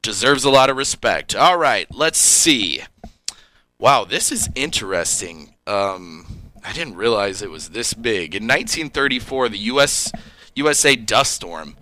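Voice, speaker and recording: A man from Southern California co-hosting a radio show, chatting lively and reading history facts. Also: mid-range voice, a little slow, a little hiss or hum. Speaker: radio co-host.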